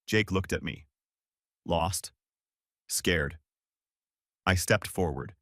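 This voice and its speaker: A man's voice: sits low, very slow, long pauses, a bit bright, dry recording, studio quality. A man narrating a dramatic first-person family story in short, terse lines.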